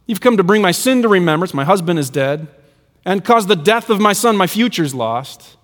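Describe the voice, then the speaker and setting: A man's voice: sits high, lively intonation, normal speed, long reverb tail. A man voicing a desperate widow woman who cries out in grief and accusation, during a sermon. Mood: anguished. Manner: anguished, accusing outcry.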